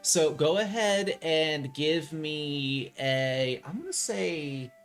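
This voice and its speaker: A man narrating a tabletop role-playing game as game master, relaxed and full of ums and likes. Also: fairly high pitch, slow pace, soft background music.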